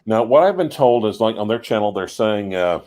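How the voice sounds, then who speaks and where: A man chatting on a livestream, calmly recounting what he has heard. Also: on the low side, a little fast. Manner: easygoing storyteller, relaxed. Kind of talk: casual livestream chat.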